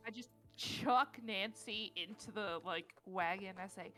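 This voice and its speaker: A woman's voice: medium pitch, unhurried, bright, forceful tone, soft background music. A woman playing a tabletop game in casual chat, blunt and profane. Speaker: player.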